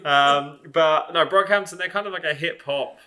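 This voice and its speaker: Bright-voiced chatty young man. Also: a little high, moderate pace. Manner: chatty, rambling, many fillers and restarts. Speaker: podcast host. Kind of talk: casual chat.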